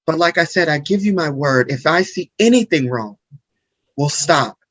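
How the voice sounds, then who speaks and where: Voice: mid-range voice, expressive, moderate pace, fairly bright tone, no echo. Earnest player in a dry recording. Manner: earnest, pleading. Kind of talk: in-character tabletop role-play.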